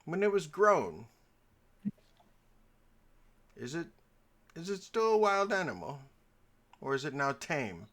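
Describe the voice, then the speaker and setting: A man acting as game master in a tabletop role-playing game, telling stories in a theatrical way with lots of pitch shifts. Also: sing-song, moderate pace, fairly bright tone. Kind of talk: narrating and voicing characters in a tabletop game.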